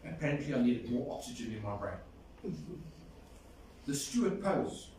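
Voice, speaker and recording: A man's voice: mid-range voice, very animated, unhurried, a little mellow. A man giving a fond, storytelling eulogy at a funeral. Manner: fond storytelling, sings a folk song. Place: large echoey hall at a funeral. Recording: echoey hall from far off, faint noise.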